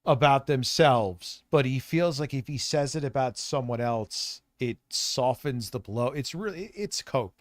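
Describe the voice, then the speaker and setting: A man's voice: medium pitch, animated, a little slow, few pauses, dry recording, clean studio sound. Profane rambling streamer man. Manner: profane, rambling, reacts loudly. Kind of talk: casual live-stream commentary.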